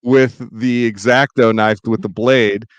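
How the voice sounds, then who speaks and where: Male podcast host, smooth clear tone, warm storytelling, dry room. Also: medium pitch, steady tone, slow pace, no room sound, lo-fi sound. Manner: reflective, storytelling, enthusiastic. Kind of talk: casual chat.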